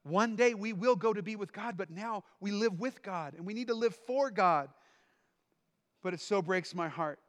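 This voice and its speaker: A man delivering a sermon from the pulpit with a high-pitched voice. He moves between calm teaching and sudden shouted outbursts. The sound rings out with the long reverb of a church hall. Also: moderate pace. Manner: dynamic preaching, shouting quoted lines. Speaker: pastor.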